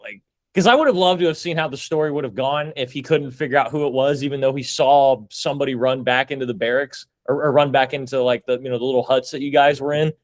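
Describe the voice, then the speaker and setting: A man's voice: mid-range voice, fairly even intonation, quick pace, no echo. Rambling podcast host man, dry close sound. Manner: rambling questions with many restarts and fillers. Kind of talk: casual interview chat.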